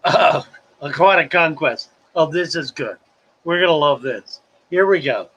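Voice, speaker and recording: A man hosting a casual livestream, talking slowly with wry, sarcastic asides. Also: a little high, animated, a bit bright, slightly rough, rough recording. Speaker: livestream host.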